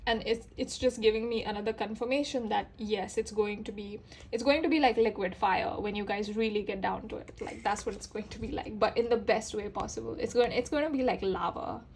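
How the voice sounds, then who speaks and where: A woman giving a casual tarot reading straight to her viewers, chatty and full of fillers, her voice rising as she gets excited. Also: mid-range voice, brisk, few pauses, a little hiss or hum, poor audio. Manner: excitable, voice rises with enthusiasm. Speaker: tarot reader.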